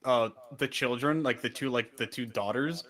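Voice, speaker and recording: A man's voice: mid-range voice, moderate pace, a bit bright. A man co-hosting a podcast, chatting casually and animatedly, cursing freely. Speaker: podcast co-host. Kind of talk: casual chat.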